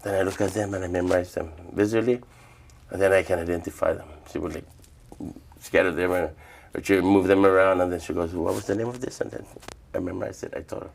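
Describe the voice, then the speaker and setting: An older man from Guam, telling stories of his past in a relaxed, reflective interview. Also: low-pitched, fast, creaky, a little hiss or hum. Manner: relaxed, reflective storytelling with quoted dialogue. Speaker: interviewee, traditional healer. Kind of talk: casual storytelling interview.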